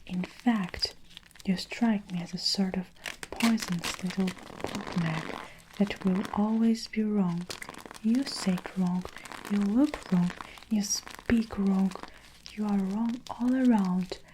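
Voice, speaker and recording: A woman's voice: mid-range voice, slow pace, background noise, natural voice. A woman whispering in a storybook reading, voicing a domineering, scornful middle-aged headmistress in a whispered role-play. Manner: barking, scornful.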